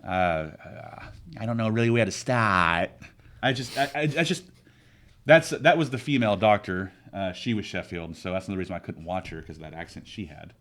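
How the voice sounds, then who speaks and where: A man's voice: sits low, a little fast. A man co-hosting a podcast, talking casually and with lots of opinions, often restarting his sentences. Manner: rambling, opinionated, animated with frequent restarts. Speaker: podcast co-host. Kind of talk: casual chat.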